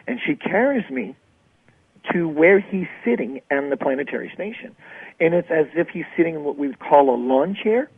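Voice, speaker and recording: A husky, breathy man of middle pitch speaks in a dry, close voice squeezed through a tinny phone line. He tells his story animatedly as an interview guest and acts out the dialogue he quotes. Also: no room sound. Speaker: interview guest, spiritual author.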